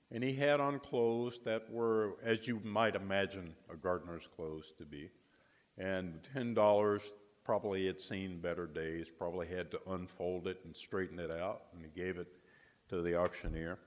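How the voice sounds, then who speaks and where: A man preaching a sermon, telling a story with dramatic pauses and emphatic repetition. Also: on the low side. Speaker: guest preacher. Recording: long hall reverb.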